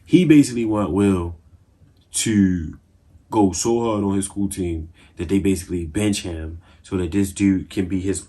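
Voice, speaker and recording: A man with a deep, low voice and a husky edge tells the story of a show's latest episodes. He talks in loose slang, full of fillers, and jumps up into excitable bursts. It sounds like an off-the-cuff review vlog. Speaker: TV show reviewer. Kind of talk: casual episode recap.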